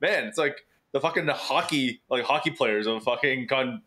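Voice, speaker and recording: A man's voice: mid-range voice, moderate pace, sharp tone. A man in casual podcast chat, dry and sweary, laughing through his stories.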